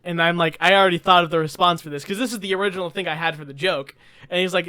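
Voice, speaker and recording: A young man with a high, bright voice tells stories in a loose, animated podcast chat. He laughs often and stacks up fillers and restarts. The sound is close, crisp and dry, like a headset on a voice call. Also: very fast, dry recording. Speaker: podcast co-host. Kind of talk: casual storytelling chat. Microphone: remote voice call.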